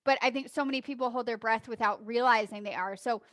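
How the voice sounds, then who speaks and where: A woman's voice: on the high side, quick pace, a bit bright, no room sound. A woman co-hosting a casual health podcast, agreeable and chatty, often backing up her partner. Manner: agreeable, backchannels, laughs often. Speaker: podcast co-host.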